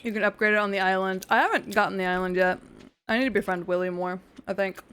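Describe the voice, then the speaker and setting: A woman playing a video game on stream banters with her chat, playful and teasing throughout. She talks fast with a medium, fairly even pitch, and her voice is smooth and a little bright.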